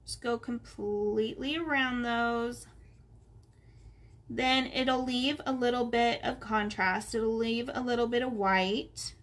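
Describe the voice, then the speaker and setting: A woman's voice: on the high side, steady tone, slow pace. A middle-aged woman in her home office, chatting unhurriedly as she gives step-by-step coloring instructions. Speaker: art instructor. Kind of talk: relaxed coloring tutorial.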